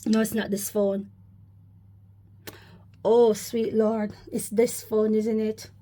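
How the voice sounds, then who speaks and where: Speaking slowly in a warm, mid-range voice with a flat delivery, a woman offers casual, rambling religious commentary. As a vlogger, she often refers to her audience as brothers and sisters.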